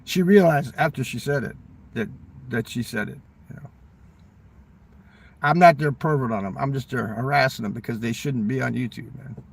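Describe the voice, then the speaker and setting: A man with a smoker's rasp, rambling through a profane political rant. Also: mid-range voice, normal speed, recorded from a distance. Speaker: vlogger.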